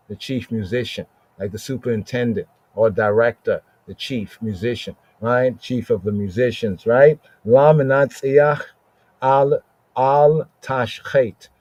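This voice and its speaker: Slow-talking man teaching scripture. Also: medium pitch, darkish tone. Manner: slow, searching delivery, keeps asking "right?" and repeating "here, here". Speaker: podcast host and Bible teacher.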